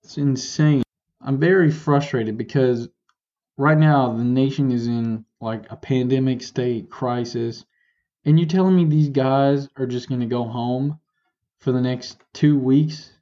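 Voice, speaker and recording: A man's voice: mid-range voice, measured pace, dark tone, dull audio. A young man hosting a podcast, ranting in a frustrated, exasperated way and correcting himself as he goes. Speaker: podcast host. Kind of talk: casual ranting commentary.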